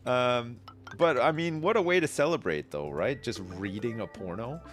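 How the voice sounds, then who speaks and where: A man streaming a game live, chatting casually and thinking aloud, with frequent fillers and quick excited reactions. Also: mid-range voice, soft background music. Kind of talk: casual gameplay commentary.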